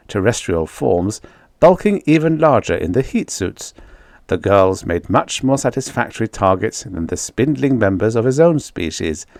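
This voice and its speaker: Male audiobook narrator, fairly low voice, lively delivery, dry close sound. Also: creaky, no room sound. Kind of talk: scripted narration.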